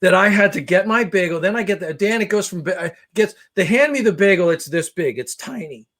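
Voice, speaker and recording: Profane, animated ranting man. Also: high-pitched, fairly quick. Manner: animated, profane, exasperated ranting with voiced impressions. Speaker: podcast co-host. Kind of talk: comedic storytelling rant.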